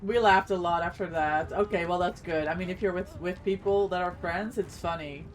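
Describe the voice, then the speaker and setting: A woman's voice: lowish voice, fairly even intonation, normal speed. A woman streamer chatting casually with viewers while gaming, reacting to the play and greeting chat, eating as she talks.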